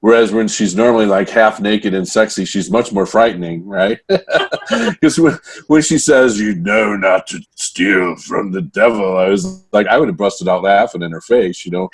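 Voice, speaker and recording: A man who works as a pastor co-hosts a podcast on a TV show, speaking in a low voice. He talks casually and wryly, dropping mocking jokes as he goes. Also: husky. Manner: wry, joking, with mocking asides. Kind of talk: casual discussion of a TV episode.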